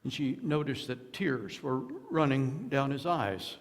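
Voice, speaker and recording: Slow, gravelly-voiced preacher in a reverberant church. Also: male voice, medium pitch. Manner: storytelling with quoted voices and humor. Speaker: pastor. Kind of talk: sermon. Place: church sanctuary.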